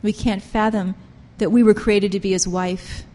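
A woman preaching a sermon with passion, pressing her points hard and swinging between loud emphasis and quiet intensity. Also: medium pitch, steady tone, moderate pace, in a large hall. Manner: impassioned, emphatic, rises and drops sharply in loudness.

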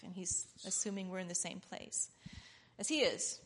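A middle-aged woman giving a rambling, earnest, informal sermon that builds to loud, impassioned preaching. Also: fairly low pitch, fairly even intonation, moderate pace, slight background noise.

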